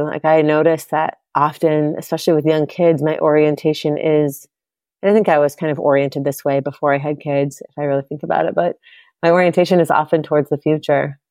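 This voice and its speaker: A woman in her thirties hosts a podcast in a reflective, searching way, circling through thoughts with fillers and restarts. Her voice sits very low for a woman. The recording is close and dry. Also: darkish tone, no room sound. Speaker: podcast host. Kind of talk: casual heartfelt conversation.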